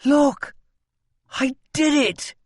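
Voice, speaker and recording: A man voicing a brash, impulsive young prince, pitched well above his narrating voice. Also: drawn-out words, dry recording, clean studio sound, exaggerated voice. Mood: excited. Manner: eager, impulsive, boastful.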